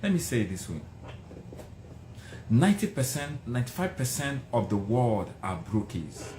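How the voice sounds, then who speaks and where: A man's voice: mid-range voice, big pitch swings, moderate pace, a little mellow. Passionate man, motivational speaker. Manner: passionate, emphatic, repeats phrases for effect. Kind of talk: motivational speech. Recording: roomy echo, faint background noise.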